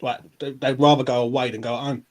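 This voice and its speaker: A man's voice: mid-range voice, flat delivery, fast talker. A man earnestly explaining his view in a casual football podcast. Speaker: podcast panelist, West Ham fan.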